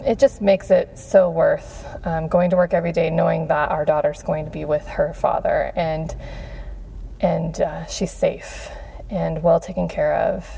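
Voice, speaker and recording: A podcast host in her thirties giving heartfelt thanks, gushing, with frequent pauses and fillers. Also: fairly low pitch, vocal fry, warm tone. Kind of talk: heartfelt Father's Day shout-outs.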